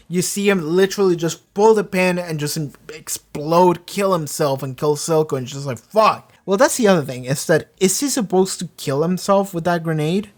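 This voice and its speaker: A show reviewer who talks in a casual, rambling way, gets excited and swears a lot while breaking down an episode. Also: mid-range voice. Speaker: video reaction reviewer.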